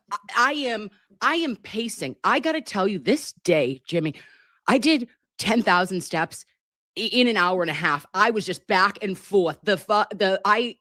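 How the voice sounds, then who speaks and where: A woman tells a story on a livestream, excitable and dramatic, with swearing along the way. Her voice sits at an average pitch, and the sound is dry and close. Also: dry recording. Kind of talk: animated gossip storytelling.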